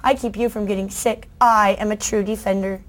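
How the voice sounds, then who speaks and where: A woman's voice: mid-range voice, steady tone, a little fast, close to an everyday voice. A woman reading a children's picture book aloud as a cheerful, proud talking booger, in a chirpy, playful way.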